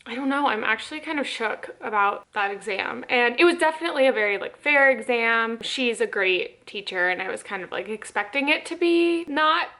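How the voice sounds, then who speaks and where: Woman in her twenties, casual vlog chat, upbeat, filler-heavy, slightly high voice. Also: animated, moderate pace, hardly any pauses, sharp tone. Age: 20s. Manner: chatty, frequent "like" fillers, upbeat. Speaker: nursing student vlogger. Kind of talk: casual vlog talk to camera.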